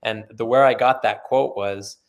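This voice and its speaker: A retired middle-aged man being interviewed, telling relaxed, anecdotal stories with many fillers. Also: mid-range voice, moderate pace. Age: middle-aged or older, retired. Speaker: guest, author and former company sales leader. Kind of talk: conversational storytelling.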